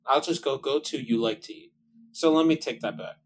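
Man, podcast guest, rambling, laughs a lot, middle pitch. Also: brisk, a little hiss or hum, low-quality recording. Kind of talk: casual chat.

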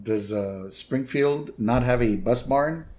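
A man's voice: slow, a little mellow. A man co-hosting a podcast, casually recapping a cartoon episode and briefly mimicking its characters. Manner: retells scenes, briefly mimicking characters in higher voices. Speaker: podcast co-host.

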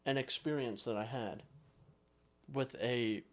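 A man's voice: mid-range voice, steady tone, takes it slowly. A man co-hosting a podcast in casual chat, ranting bluntly with plenty of swearing. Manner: blunt, profane, grumbling rants. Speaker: podcast co-host.

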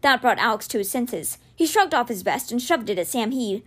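Expressive woman reading a novel aloud. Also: fairly quick, husky. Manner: expressive, voices dialogue with raised pitch. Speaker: reader.

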